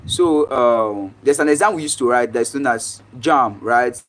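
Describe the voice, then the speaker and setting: A man's voice: mid-range voice, measured pace, fairly bright tone, a little hiss or hum. A man with a Nigerian accent talking casually on a live stream, explaining things step by step and checking in with "right?".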